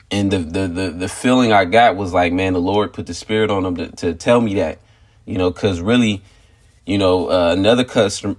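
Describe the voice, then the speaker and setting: A man telling a personal story and turning it into informal spiritual teaching, rambling and full of "you know" fillers, stressing points with "okay" and "all right". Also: on the low side. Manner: emphatic, repeats "okay" and "all right" to drive points home. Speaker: religious teacher sharing a testimony.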